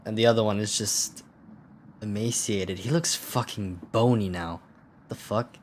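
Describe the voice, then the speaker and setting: A man's voice: fairly low pitch, unhurried, very noisy. A man playing a video game, casually commenting and reading the game's text aloud, swearing often in a dry, sardonic way. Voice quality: profane, sardonic. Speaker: gameplay streamer.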